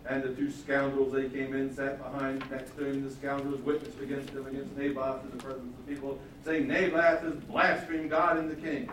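A man preaching a sermon in an animated storytelling style, often acting out the lines he quotes. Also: mid-range voice, far from the mic, slight background noise. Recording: echoey hall, mic from afar.

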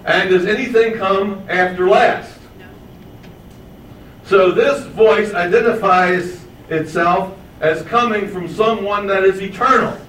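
A man's voice: high-pitched, a bit bright, a little hiss or hum. Man preaching a sermon in an echoey hall. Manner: asks the audience questions, stretches key words slowly for emphasis. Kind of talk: sermon, verse-by-verse Bible teaching. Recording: echoey, distant room mic with faint ambience.

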